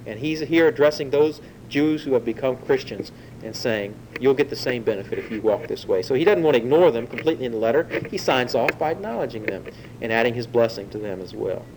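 A man preaching a sermon on a letter of scripture, with animated delivery that climbs in pitch when he quotes or stresses a point. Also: quick pace, slight background noise, rough recording. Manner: animated, rising emphasis when quoting scripture.

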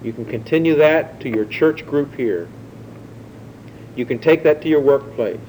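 A man's voice: medium pitch, measured pace, warm tone, a little hiss or hum, low-quality recording. Man preaching a conversational sermon. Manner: conversational teaching, asks the audience questions.

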